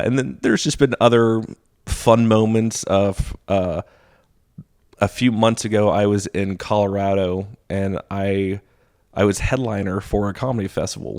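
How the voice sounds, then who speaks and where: Laughing, animated male comedian telling stories. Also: on the low side, moderate pace. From Texas. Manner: animated, laughs while telling stories, acts out quoted voices. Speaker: stand-up comedian guest. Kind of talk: casual storytelling chat.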